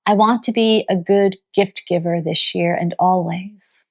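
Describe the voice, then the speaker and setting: A woman farm vlogger talks in a gentle, heartfelt, reflective way. Her voice sits low, and she takes her time. She sounds like someone telling a story to friends. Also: steady tone, unhurried, creaky, few pauses.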